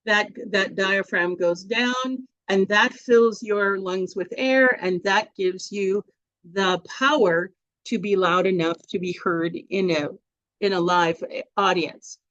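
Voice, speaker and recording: A woman's voice: mid-range voice, slow, no echo, highs cut off. Chatty woman teaching on a video call. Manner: chatty, animated, with frequent restarts. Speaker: workshop presenter. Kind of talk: speaking workshop on storytelling.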